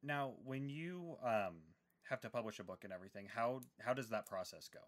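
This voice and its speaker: A man's voice: medium pitch, brisk. Chatty man hosting an interview. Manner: chatty, enthusiastic, hesitant fillers. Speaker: podcast host. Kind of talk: casual interview talk.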